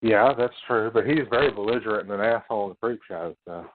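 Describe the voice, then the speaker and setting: A man's voice: lowish voice, fast, phone-quality sound, a little hiss or hum. A man co-hosting a podcast in a casual movie-review chat, laid-back, laughing along and swearing. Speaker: podcast co-host.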